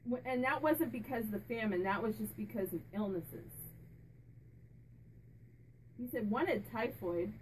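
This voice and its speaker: Woman, fairly high voice, casual and rambling, asks a question then repeats the reply, faint background hiss. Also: unhurried, long pauses, rough recording. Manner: chatty and meandering, asks questions aloud then repeats the answers. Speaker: psychic medium and channel host. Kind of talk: casual chat relaying a spirit's answers.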